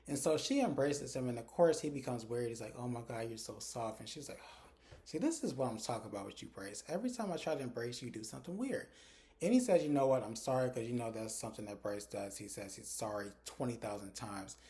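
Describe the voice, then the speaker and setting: A man's voice: medium pitch, dark tone. A man recapping a TV episode for his viewers, acting out the characters' lines and talking straight to his audience. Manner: chatty, addresses viewers directly. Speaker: TV recap reviewer.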